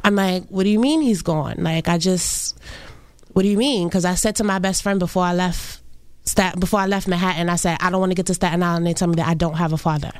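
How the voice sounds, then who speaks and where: A young woman, recounting a personal loss in an interview, halting and full of restarts. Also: on the low side, flat delivery, clear, resonant tone, no echo. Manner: halting, many fillers and restarts. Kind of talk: emotional personal account.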